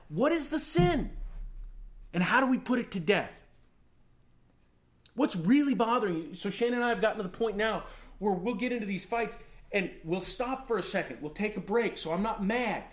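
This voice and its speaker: A man in his thirties preaching a sermon as pastor, telling stories with animated, acted-out outbursts. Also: sits high. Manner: animated storytelling, acts out his own rants.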